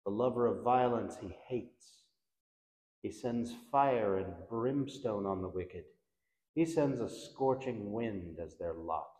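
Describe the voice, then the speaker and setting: A man reciting the Divine Office in a solemn, measured liturgical manner, letting each response fall away at its end. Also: lowish voice, darkish tone. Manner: measured, reverent, with falling endings on responses. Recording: echoey room.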